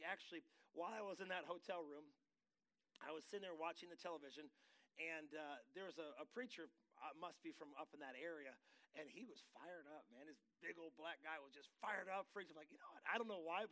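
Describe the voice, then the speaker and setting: Folksy high-voiced male preacher. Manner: folksy, tangent-prone, rising to excited bursts. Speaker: pastor. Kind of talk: sermon.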